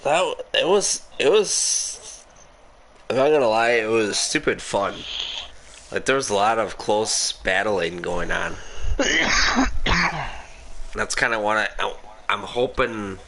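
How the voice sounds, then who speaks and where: A man's voice: on the low side, expressive, slow, long pauses, a bit bright, a little hiss or hum. Laughing, swearing American man. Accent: Upper Midwest American. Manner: rambling, swears a lot, laughs often. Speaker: gaming podcast host. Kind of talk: casual storytelling chat.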